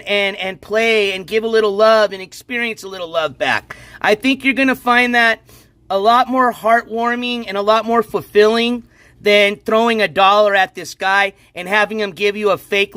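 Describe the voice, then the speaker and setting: A man's voice: sits high, pushed and bright, clear, resonant tone, dry recording. A man hosting a casual live stream, chatting and commenting on a clip in a lightly exasperated way. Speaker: stream host.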